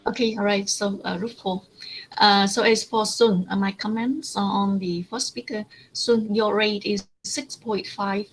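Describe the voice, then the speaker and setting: Woman teacher, hesitant class feedback, mid-pitched, faint hiss in the recording. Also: steady tone, unhurried, low-quality recording. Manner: hesitant, frequent fillers, corrects pronunciation. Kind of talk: giving feedback in an online class.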